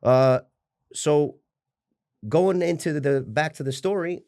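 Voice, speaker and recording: In a slightly high, gravelly voice with a darkish tone, a fitness coach in his forties takes it slowly as he recounts his life as an interview guest. The studio-quality audio has no echo, and his candid telling is passionate and meandering, full of restarts and swearing.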